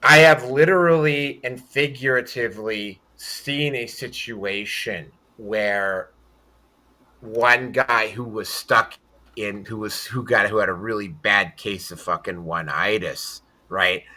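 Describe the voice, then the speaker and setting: A man holds forth in a casual podcast chat, his voice bright and forceful. He talks bluntly and curses often. His sentences ramble, with restarts and fillers. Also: on the low side, takes it slowly. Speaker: podcast host.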